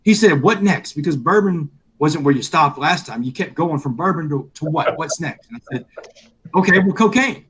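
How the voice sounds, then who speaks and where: A man's voice: a little high, normal speed, slight background noise. A middle-aged man, a guest in a live interview, telling a personal story and acting out the dialogue. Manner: animated storyteller, acts out quoted dialogue.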